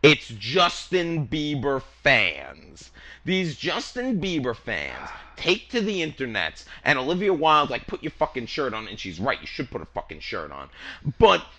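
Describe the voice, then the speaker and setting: Male podcast co-host, profane ranter, animated bright voice. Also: mid-range voice, unhurried. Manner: profane, ranting, fired-up. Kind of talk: comedic podcast rant.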